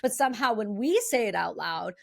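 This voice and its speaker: A woman hosting a sit-down interview, speaking bluntly and fast with strong opinions. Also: medium pitch, animated, gravelly. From Canada. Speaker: host.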